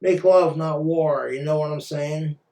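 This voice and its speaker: A man's voice: a little high, steady tone, a little slow, mellow. Crude ranting man in an echoey room. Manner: crude, blunt, swearing, ranting. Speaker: vlogger. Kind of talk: profane casual rant. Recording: roomy echo, far from mic.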